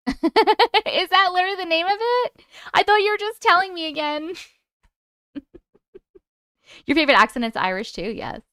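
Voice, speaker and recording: A woman's voice: extremely high pitch, lively intonation, measured pace, pauses often, sharp tone, no room sound, clean studio sound. A young adult woman hosting a live stream, chatting casually and laughing as she reads viewers' comments aloud. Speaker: YouTube live host.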